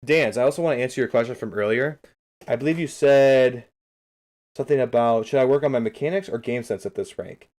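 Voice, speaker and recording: A man on a livestream breaks down game replays in a loose, rambling way, talking straight to his chat. His voice sits at an ordinary middle pitch, and he keeps his tone upbeat and easygoing. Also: a little fast, darkish tone. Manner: upbeat, keeps saying beautiful. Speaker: streamer coaching game replays.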